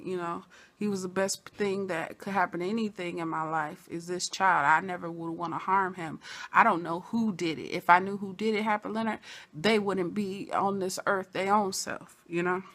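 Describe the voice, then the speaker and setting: A woman giving a chatty, casual recap of a TV episode, full of "you know" asides and sudden bursts of excitement. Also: mid-range voice, normal speed. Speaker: TV episode reviewer.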